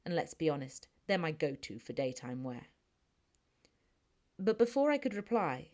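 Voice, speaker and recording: A woman with a British accent narrating a first-person audiobook in a chatty, snarky, conversational manner. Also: sits low.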